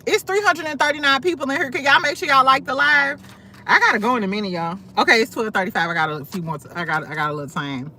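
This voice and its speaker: This St. Louis livestream host has a high-sitting, pushed, bright voice and talks at a quick clip, with a little hiss or hum in the audio. She spins blunt, profane gossip in a sassy style, full of asides, in a casual setting.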